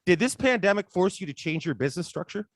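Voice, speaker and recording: Excitable, swearing podcast host, dry sound. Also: male voice, sits high, fast, no echo. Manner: excitable, profane, trailing restarts. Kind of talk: casual podcast chat.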